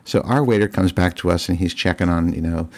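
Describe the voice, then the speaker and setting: A man's voice: low-pitched, a little fast. A man telling a rambling, casual story to his viewers, with lots of fillers and restarts and chuckling at his own tale. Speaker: vlogger.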